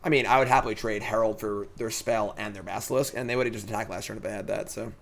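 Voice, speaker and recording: A man's voice: lowish voice, fairly even intonation, fast talker, gravelly, a bit bright. Chatty man thinking aloud while streaming. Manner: chatty, thinks aloud, reads chat and answers it. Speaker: streamer playing a card game. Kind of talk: casual live-stream commentary.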